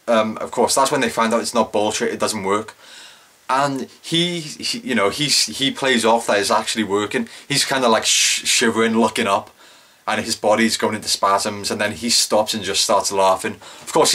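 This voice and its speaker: A man's voice: lowish voice, pushed and bright. A young man giving a casual solo review of a TV episode, rambling and correcting himself, with exaggerated cringing asides.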